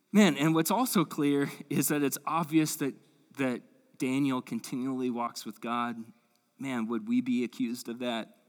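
A male pastor teaching the Bible in an enthusiastic, conversational way, often saying "man" and "like". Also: mid-range voice. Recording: long hall reverb.

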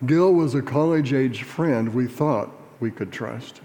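A man reading a personal memoir aloud in a measured, earnest storytelling manner, in a reverberant room. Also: mid-range voice, warm tone. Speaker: reader. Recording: reverberant hall.

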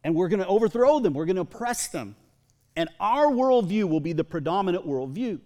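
A man putting on a Scottish accent to play a rousing rebel warrior leader, shouting a battle cry in a rallying way. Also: high-pitched, big pitch swings, a little fast. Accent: Scottish (put on).

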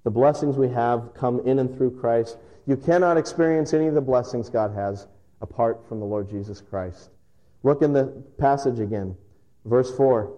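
A male pastor preaching a sermon, telling stories with emphatic pauses. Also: medium pitch, mellow, low-quality recording. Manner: storytelling, emphatic with dramatic pauses.

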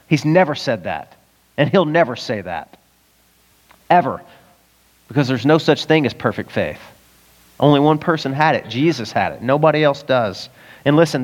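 A man pastor preaching an animated sermon, acting out voices with sudden jumps in pitch. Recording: long reverb of a church hall.

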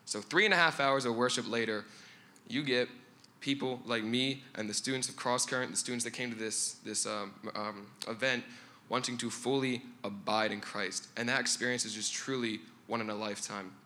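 A man's voice: medium pitch, steady tone, moderate pace, pushed and bright. A young man sharing an earnest church testimony about a retreat, with some fillers and restarts.

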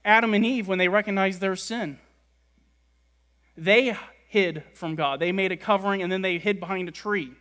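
A man preaching a sermon, stressing words by repeating them and letting key lines fall quiet and low. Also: steady tone, normal speed. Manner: emphatic, repeats words for stress, drops soft at ends. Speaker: pastor.

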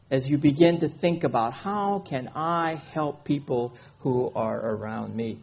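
A man with a slightly high, husky voice preaches a sermon. He talks in a relaxed, conversational way, reading scripture aloud and pausing to check that his listeners are following. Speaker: pastor.

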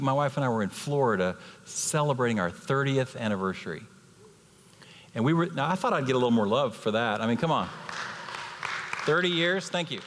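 With slight background noise, a man in his fifties preaches as a visiting speaker in a medium-pitched voice. His sermon unfolds through lively stories with acted-out voices, and the sanctuary adds a long, hall-like reverb.

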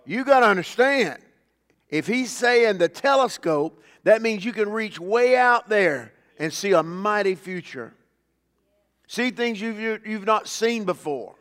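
A pastor with a high, light voice delivers a sermon. He talks to the congregation in a folksy way, swelling loud when he quotes scripture and sinking low and soft for his asides. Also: big-room sound.

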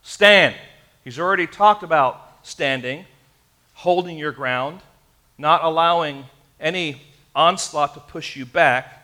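A man's voice: a little high, slow, pushed and bright. A man preaching a sermon in an earnest way, speaking straight to his congregation. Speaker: pastor.

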